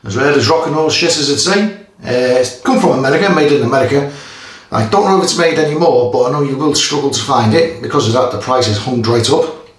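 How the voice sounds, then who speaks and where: A man with a Merseyside accent chats his way through a shaving demo, halting and self-mocking as he goes. His mid-pitched voice sits back from the mic and bounces around a roomy space. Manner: rambling, self-deprecating, halting with fillers. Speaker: shaving channel host. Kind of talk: casual product demo vlog. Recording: roomy echo from a distant mic.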